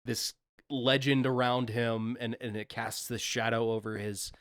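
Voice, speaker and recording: A man co-hosting a casual movie-review podcast, talking in an easygoing, wry way with frequent filler pauses. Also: medium pitch, little pitch movement, a bit bright, dry recording, clean studio sound. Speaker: podcast co-host.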